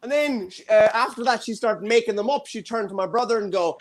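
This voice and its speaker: A young Irish man emceeing a stand-up comedy night, chatty and self-mocking with quick asides. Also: high voice. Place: comedy venue with a live audience.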